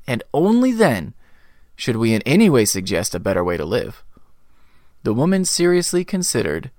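A man's voice: medium pitch, dry recording, clean studio sound. A man reading a devotional sermon, telling the scripture stories earnestly. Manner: earnest storytelling, quoting scripture.

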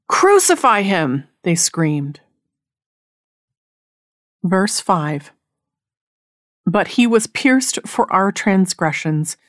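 A woman giving an earnest, measured devotional narration that reads out Bible passages. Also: mid-range voice, no echo, studio quality. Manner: measured, earnest reading of scripture. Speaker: Bible teacher.

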